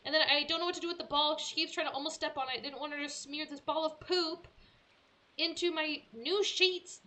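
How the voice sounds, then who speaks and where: A young woman streamer telling a story in casual chat, animated and acting out her own quotes. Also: high voice, fairly quick.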